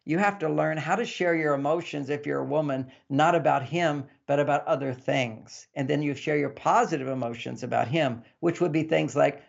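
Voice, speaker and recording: Brief: man, relationship author as interview guest, gravelly, slightly high, animated, lo-fi sound. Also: moderate pace, hardly any pauses. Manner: animated, acts out couples' dialogue in varied voices. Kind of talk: explanatory interview talk. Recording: dull lo-fi sound.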